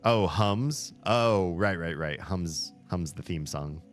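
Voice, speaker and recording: A man hosting a video game playthrough, chatting along in an animated way and laughing often. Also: deep voice, takes it slowly. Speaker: let's play host. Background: faint game music.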